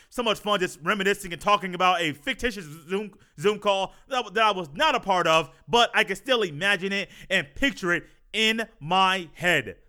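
A man hosting a podcast with a high, bright, very clear voice. He talks fast and is animated and goofy throughout. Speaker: podcast host.

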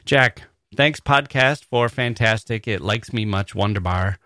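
A man voicing a halting adult speaker of stiff, broken English, slow and stilted with very simple phrasing. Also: lowish voice, sharp tone, no room sound, clean studio sound. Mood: mock-earnest.

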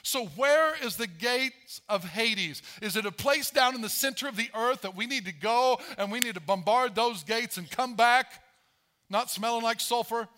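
A man preaching a sermon as pastor, animated, acting out Bible voices as he tells the story. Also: extremely high pitch, normal speed.

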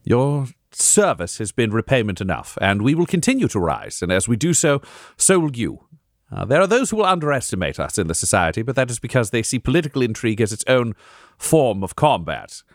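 A man playing a composed noble in a tabletop game, measured and formal, weighing risks with cool calculation. His pitch rises and falls very expressively. The recording is dry and close. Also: big pitch swings, no echo, natural voice. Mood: resolute. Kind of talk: tabletop role-play.

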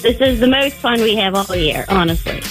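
A woman's voice: on the high side, expressive, normal speed, music in the background. A woman guest on a radio show, chatting cheerfully and giggling. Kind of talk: casual chat.

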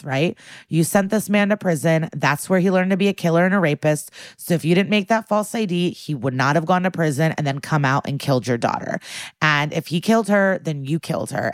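A woman's voice: sits low, dry recording, clean studio sound. A woman podcast co-host, casually retelling a TV episode and quoting the characters' lines. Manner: retells scenes, quoting characters in quick bursts. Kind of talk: casual recap chat.

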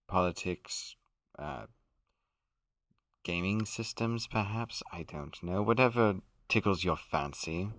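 A man playing a pompous aristocratic English gentleman who hosts a comedy podcast, in a put-on upper-class British accent, fussy and self-correcting. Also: deep voice, no room sound, studio quality, full character voice. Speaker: podcast host.

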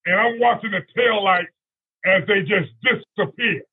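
A man's voice: sits high, normal speed, slightly rough, phone-quality sound. A man telling a long anecdote as a guest on a radio talk show, rambling and peppering it with "you know" and "right?". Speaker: guest storyteller.

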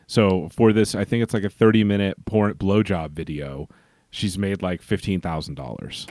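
Low-voiced man in casual chat. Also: fairly even intonation, moderate pace, a little mellow. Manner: chatty, recapping with a dry, joking edge. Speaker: podcast co-host.

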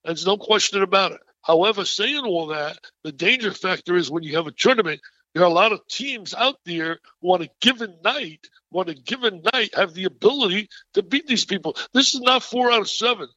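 Excitable man in his eighties. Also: sits high, brisk, no echo, highs cut off. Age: 80s. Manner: excitable, animated storyteller with frequent laughs. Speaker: guest. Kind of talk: enthusiastic storytelling interview.

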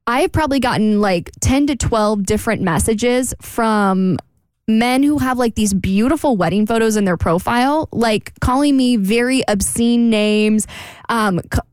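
A woman's voice: on the high side, a little slow, clear, resonant tone, no echo. A young woman co-hosting a radio show, telling a story in a chatty way with many fillers. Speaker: radio co-host. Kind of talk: casual radio chat. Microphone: studio microphone.

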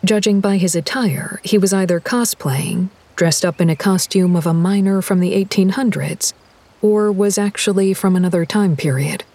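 A woman reading a horror audiobook in a measured, deliberate storytelling voice. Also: medium pitch, warm tone. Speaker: narrator. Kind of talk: scripted horror audiobook narration.

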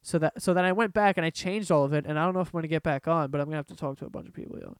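A man's voice: fairly high pitch, rapid-fire, smooth, no echo. A man hosting a casual solo podcast, ranting in a profane, rambling way from a room at home. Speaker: podcast host.

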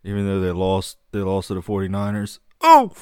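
A man's voice: deep voice, completely flat delivery, a little fast, mellow, smooth, dry recording, studio quality. A man co-hosting a casual comedic chat, laughing often and slipping into put-on regional voices.

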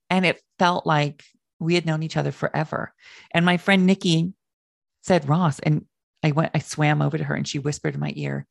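A middle-aged man hosting a call-in show, chatting and telling a story in a lively, animated way. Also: on the high side, quick pace, vocal fry, no echo, studio quality. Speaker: host. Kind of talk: casual chat show talk. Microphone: video call.

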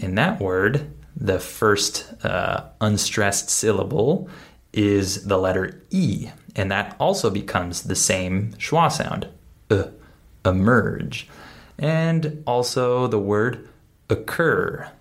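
A man with a fairly low voice teaches English pronunciation at an unhurried pace. He explains patiently, pausing often and checking in with his listeners as he goes. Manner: deliberate, with frequent "uh" pauses and check-ins like "right?" and "okay?". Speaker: English teacher, podcast host. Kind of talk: slow, explanatory listening lesson.

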